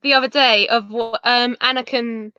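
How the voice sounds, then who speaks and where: A woman co-hosting a casual fan chat, agreeing quickly and chiming in. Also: on the high side, steady tone, pushed and bright, smooth, no echo, dull audio. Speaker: podcast co-host.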